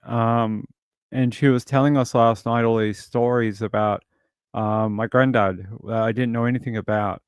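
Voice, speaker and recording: Australian man, middle pitch, rambling casual talk, livestream host, dry recording. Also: steady tone, moderate pace, clean tone, no echo. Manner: rambling, chatty storytelling. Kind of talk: casual chat answering viewers.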